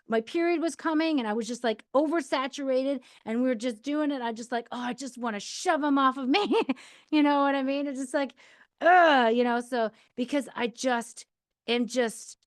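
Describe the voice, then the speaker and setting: With a voice on the high side, this female podcast host in her thirties talks through advice in a frank, conversational monologue, using plenty of filler words. The studio sound is clean, with no echo.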